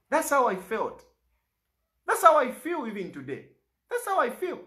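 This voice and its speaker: A man's voice: very high voice, huge pitch swings, moderate pace, long pauses, bright, forceful tone. A Zambian man, an opposition politician, making an impassioned public statement in an aggrieved, pleading way and repeating lines for emphasis.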